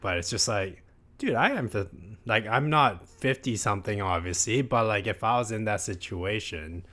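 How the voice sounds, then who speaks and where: A man's voice: on the low side, expressive, normal speed, a bit bright. A man in his thirties co-hosting a podcast in casual chat, rambling and filling his talk with "like". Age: 30s. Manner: rambling, heavy use of filler "like". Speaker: podcast co-host.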